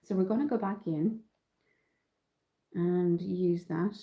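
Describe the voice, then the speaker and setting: A woman's voice: on the low side, steady tone, slow pace, dark tone, low-quality recording. A woman from Dublin with an Irish accent, chatting through a live makeup tutorial and answering viewers, slightly nasal from an oncoming cold. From Ireland. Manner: chatty, reads out and answers viewer comments, many ums. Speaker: makeup livestream host.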